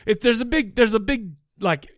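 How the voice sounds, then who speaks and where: A man's voice: high voice, normal speed, no room sound, clean studio sound. A man co-hosting a podcast, talking in an emotional, rambling casual chat. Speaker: podcast co-host.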